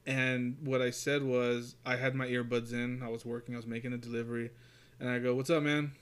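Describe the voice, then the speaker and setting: A man's voice: medium pitch, monotone, brisk, clear, resonant tone. A man hosting a casual podcast chat, rambling through stories with lots of fillers and swearing. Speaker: podcast host.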